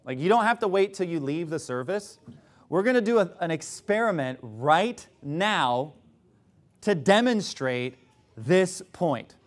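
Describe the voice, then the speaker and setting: A male preacher with a voice pitched high for a man delivers a sermon to a congregation. He leans into sarcasm, then drives his points home with firm emphasis. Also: lively intonation, unhurried.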